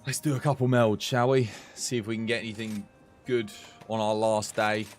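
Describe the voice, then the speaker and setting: A young man commenting live on a game he plays, muttering low at times and breaking into shouted excitement. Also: moderate pace, soft background music. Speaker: streamer.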